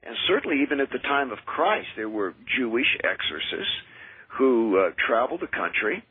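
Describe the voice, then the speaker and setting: A man who is a minister and exorcist, telling his experiences in an earnest, measured way as a radio interview guest. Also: medium pitch, sing-song, breathy edge, dry recording. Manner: earnest, measured, with frequent restarts. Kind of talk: radio interview, personal storytelling. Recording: tinny dry phone line.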